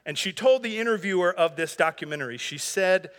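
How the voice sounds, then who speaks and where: High, bright-voiced male preacher. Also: lively intonation, fairly quick, hardly any pauses. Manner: earnest, conversational preaching. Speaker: pastor. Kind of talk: sermon. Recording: long hall reverb.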